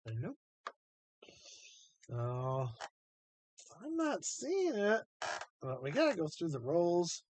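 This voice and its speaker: Slow, lively-pitched man chatting on a stream. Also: a little hiss or hum. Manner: rambling, chatty, thinks aloud while sorting coins. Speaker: live-stream host hunting coins. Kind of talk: casual live-stream chat.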